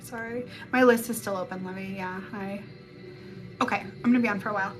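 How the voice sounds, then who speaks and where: A woman's voice: mid-range voice, steady tone, brisk. A woman giving a casual psychic reading on a live stream through a phone mic, rambling and blunt, swearing freely. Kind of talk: casual spiritual reading chat. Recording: music playing behind the voice. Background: music.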